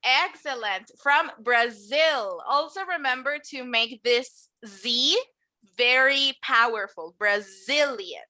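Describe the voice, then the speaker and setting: Teaching English in an online class on nationalities, a woman with a high, bright voice alternates between explaining in English and in Spanish. She stretches out model words slowly so students can repeat them.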